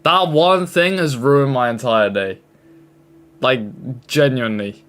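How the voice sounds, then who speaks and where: A man's voice: medium pitch, slow, a bit bright. A man reacting to fan-made clips in casual commentary, joking, exasperated and crude.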